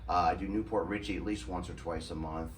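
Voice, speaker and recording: A man, a touring musician, chatting casually as a guest and telling animated stories. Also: sits low, brisk, over a noisy crowd. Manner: animated storyteller, does voices in anecdotes. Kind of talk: casual chat. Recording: distant mic, faint ambient noise.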